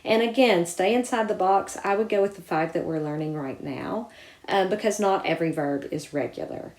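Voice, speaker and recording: A woman with a slightly low voice teaches a lesson one step at a time. She explains clearly and patiently and stresses the important words as she goes. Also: normal speed, a little mellow. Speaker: Spanish teacher. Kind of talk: recorded classroom lesson.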